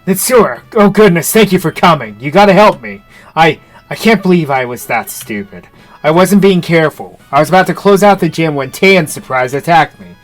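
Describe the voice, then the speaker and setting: A man's voice: a little high, animated, normal speed, faint music behind, natural voice. A man voicing a worried, self-blaming young trainer friend, reading game dialogue in an anxious, pleading way.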